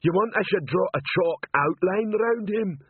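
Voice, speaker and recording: A man voicing a slow-witted, eager male troll sergeant in a storybook reading. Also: high-pitched, lively intonation, slightly rough, dry recording, pitched above the performer's own voice. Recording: tinny phone-like sound.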